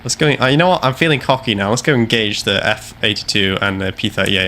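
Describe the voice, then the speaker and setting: A young man doing live gameplay commentary from his home gaming setup on a headset mic, theatrical and self-mocking, with loud mock-heroic outbursts. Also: lowish voice, lively intonation, quick pace, hardly any pauses, slight background noise. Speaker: game streamer.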